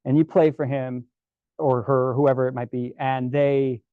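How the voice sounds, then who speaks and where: A man giving a casual storytelling presentation to a club, relaxed and chatty with many fillers and restarts. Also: medium pitch, measured pace, clear, resonant tone, no room sound, narrow, tinny audio. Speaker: guest presenter at a camera club.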